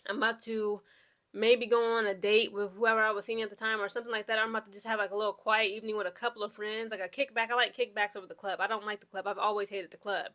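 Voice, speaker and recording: Talking fast in a mid-range voice, a Central Ohio woman who vlogs and served in the Air Force shares casual personal stories. She's chatty and rambling, full of "like" and "okay?", quoting people in animated exchanges.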